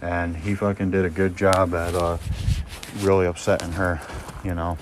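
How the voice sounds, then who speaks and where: A man's voice: low voice, normal speed. A man telling rambling personal stories as a podcast host, heated and profane, with many fillers and restarts. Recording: steady audible noise with clicks.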